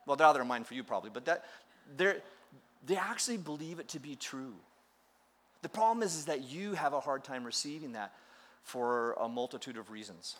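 Middle-aged male pastor, animated sermon storyteller, pitch rising and falling freely, joking at his own expense. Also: fairly quick. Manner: storytelling with playful acted quotes and self-deprecating humor.

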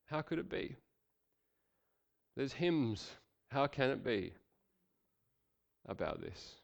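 An Australian man preaching a sermon, swinging from loud, emphatic passages to quiet, intense ones. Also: medium pitch, lively intonation, slow pace, vocal fry, long pauses. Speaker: pastor.

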